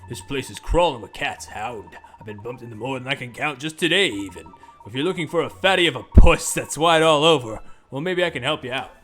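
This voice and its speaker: A man voicing a streetwise male stray dog in a low, drawling voice. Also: lively intonation, brisk, a bit bright, faint music behind, close to an everyday voice. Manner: low drawl, calls others "hound".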